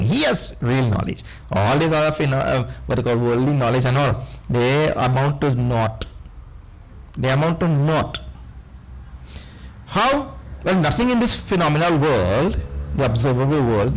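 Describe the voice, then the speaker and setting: A man with a Trinidadian accent giving a spiritual discourse to a live audience, animated and often quizzing his listeners. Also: mid-range voice, rough recording. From Trinidad and Tobago. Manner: animated, questioning listeners, playful asides. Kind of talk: lively lecture on scripture.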